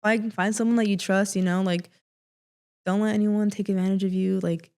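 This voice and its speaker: A woman speaking as a podcast guest in a casual, soft-spoken way, full of "like" fillers. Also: medium pitch, flat delivery, normal speed, smooth. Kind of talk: casual interview conversation.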